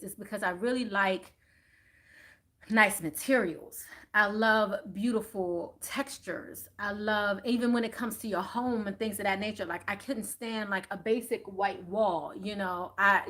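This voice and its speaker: Animated, bright-voiced woman chatting on a live stream. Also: medium pitch. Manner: chatty and animated, rising louder on emphasis; addresses viewers as y'all. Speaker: spiritual card reader hosting a live stream. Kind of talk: casual live-stream chat.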